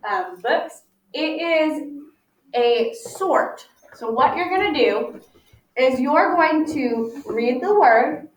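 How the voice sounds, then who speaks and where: A woman teacher leading a phonics lesson for young children, patient and encouraging, stretching out sounds slowly for them to follow. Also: high voice. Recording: echoey, distant, muffled classroom audio.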